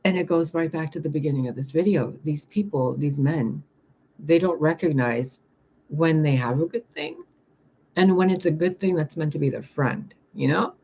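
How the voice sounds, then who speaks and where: Animated, foul-mouthed woman vlogger. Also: deep voice, normal speed, a little hiss or hum. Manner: animated, swears freely, laughs through stories. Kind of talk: casual storytelling vlog. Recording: dull lo-fi recording.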